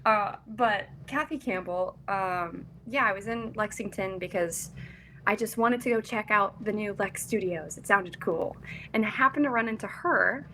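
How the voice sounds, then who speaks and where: A woman's voice: mid-range voice, normal speed, bright, forceful tone, slight background noise. A young woman from Kentucky, an actress and casting director, talking in a chatty, upbeat, giggly way as a podcast guest. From Louisville, Kentucky. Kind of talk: casual interview.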